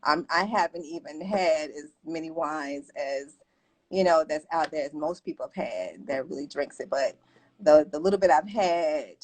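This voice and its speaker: A woman interview guest recounting her story in a relaxed, conversational way. She laughs easily and her voice jumps up when she acts out what she was thinking. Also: sits low, moderate pace, poor audio. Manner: animated, laughs often, lively quoted asides. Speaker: guest, entrepreneur.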